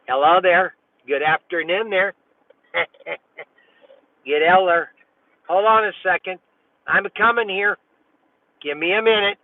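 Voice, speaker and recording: A man's voice: sits high, takes it slowly, pauses often, no echo, far from the mic. A man vlogging while driving, chatting casually and rambling in a folksy way from inside his car. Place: inside a car at a drive-thru. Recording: tinny, phone-like sound.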